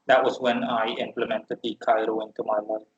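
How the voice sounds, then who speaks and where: A man on a podcast, telling a personal story in a casual, animated way and acting out what other people said. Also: lowish voice, fairly quick. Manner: animated, acts out quoted people, frequent restarts. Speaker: podcast guest. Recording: roomy, dull lo-fi sound.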